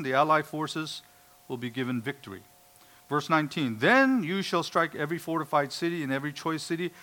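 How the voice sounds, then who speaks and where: A man's voice: fairly high pitch, a bit bright. A man preaching a sermon, emphatic, quoting scripture and acting out the voices of doubters. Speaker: pastor.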